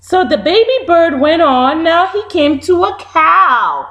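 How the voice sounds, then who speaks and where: A woman's voice: extremely high pitch, slow. A woman teacher reading a children's storybook aloud and asking the young listeners questions, whose first language is Haitian Creole. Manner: animated, asks the children questions.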